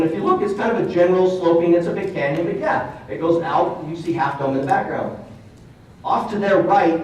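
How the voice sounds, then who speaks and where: A man's voice: fairly high pitch, darkish tone. Male conference speaker, earnest and conversational, recorded from a distance in a very echoey hall with a faint hiss. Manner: earnest, conversational storytelling with emphatic repeats. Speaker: motivational speaker. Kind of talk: storytelling keynote talk. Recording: roomy hall sound from off mic.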